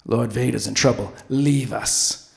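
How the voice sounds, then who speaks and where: A man voicing a scheming old male galactic emperor in a comic retelling, speaking low and mock-solemn. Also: fairly even intonation, a little slow, creaky, darkish tone. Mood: grave.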